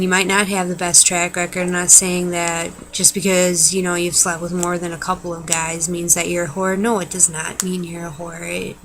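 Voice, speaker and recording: A woman's voice: lowish voice, fairly bright tone, low-quality recording. A young adult woman ranting casually to camera, blunt and exasperated, swearing freely. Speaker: vlogger. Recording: faint background noise.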